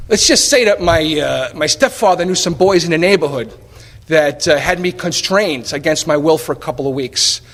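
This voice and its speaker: A man telling his personal recovery story to a live meeting, animated and wry, full of rhetorical questions and acted-out dialogue. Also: fairly high pitch, normal speed. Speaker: speaker sharing at a recovery meeting. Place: meeting hall. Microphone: taped at a live meeting. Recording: reverberant hall recording.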